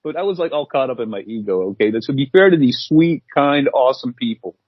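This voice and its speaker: A man's voice: mid-range voice, lively intonation, fast talker, dry recording, dull audio. A man telling an anecdote on a podcast as the guest, laughing at himself as he goes. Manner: self-deprecating, laughing storyteller. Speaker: guest writer and editor. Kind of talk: casual storytelling chat.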